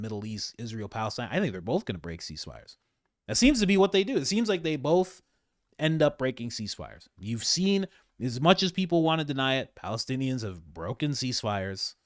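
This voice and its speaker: A male podcast host talking through current events in casual commentary. He sounds animated and exasperated, his pitch swinging widely, in a dry, close recording. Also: dry recording.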